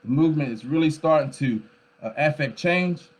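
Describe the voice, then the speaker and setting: A man's voice: a little high, moderate pace. A man speaking at a forum with an emphatic, lecture-like delivery, often repeating words and checking in with the listener. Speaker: pastor and scholar speaking at a forum. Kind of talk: impassioned lecture-style talk. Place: livestreamed forum.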